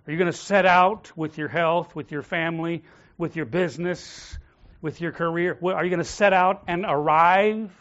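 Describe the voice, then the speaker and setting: A man preaches to his congregation with a fairly high voice, firing off rhetorical questions and telling people to turn to their neighbor. The recording sounds dull and muffled. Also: normal speed, fairly bright tone. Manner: rhetorical questions, calls on the congregation to repeat phrases. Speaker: pastor. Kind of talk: sermon.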